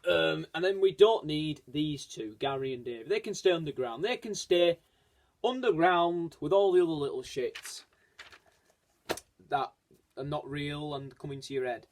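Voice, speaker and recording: A man's voice: fairly high pitch, expressive, a little slow. A man talking casually and earnestly in a vlog, hesitant and rambling, with frequent restarts. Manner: earnest, encouraging. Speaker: vlogger. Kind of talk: casual personal vlog talk.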